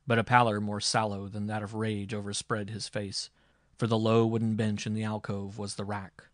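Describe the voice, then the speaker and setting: A man narrating an audiobook in a measured, dramatic reading. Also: on the low side, no room sound, studio quality. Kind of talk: scripted narration.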